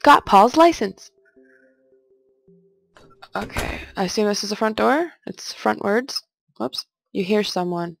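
Gravelly-voiced woman narrating a game. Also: mid-range voice, animated, takes it slowly, pauses often, fairly bright tone, faint music behind. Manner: jokey, chatty, talks to herself. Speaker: let's play host. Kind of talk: casual gameplay commentary, reading game text aloud.

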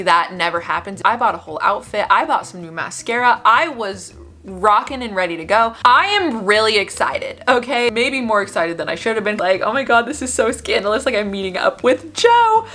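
A young woman in her twenties telling a dramatic dating story for her vlog, animated and exasperated. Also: mid-range voice. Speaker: vlogger.

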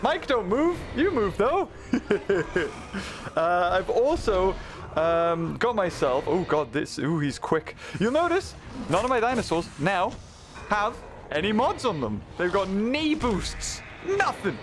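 Lively, high-voiced excitable gaming man. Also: slow pace, a little hiss or hum. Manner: chatty and excitable, laughs often. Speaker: gaming video creator. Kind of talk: casual let's-play commentary. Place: home desk setup. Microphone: desk microphone through a mixer.

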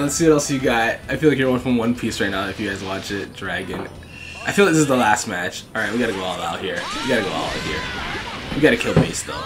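An excitable man calls his fighting game matches live, his pitch leaping all over as he taunts the other player and laughs. Game music plays clearly behind his voice throughout. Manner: excitable, trash-talking, laughs and shouts often. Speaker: gaming channel host. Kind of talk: live gameplay commentary. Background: fighting game music and sound effects.

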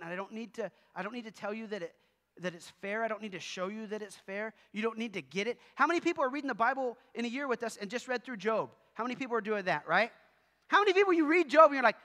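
A man's voice: very high voice, animated, fast, pushed and bright, in a large hall. A male pastor preaching a sermon in a church, talking conversationally with humorous asides. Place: church sanctuary.

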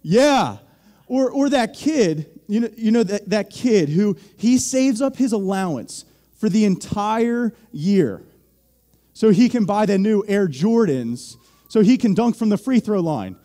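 In his sermon, a young pastor from Pennsylvania jokes at his own expense while telling the church a story. His mellow voice sits high and sounds animated, moving at a measured pace.

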